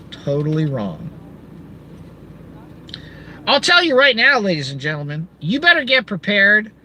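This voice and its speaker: High-voiced ranting man outdoors. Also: background noise. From Southern California. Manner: animated, ranting, sarcastic asides with shouted outbursts. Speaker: channel host. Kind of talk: ranting monologue to camera.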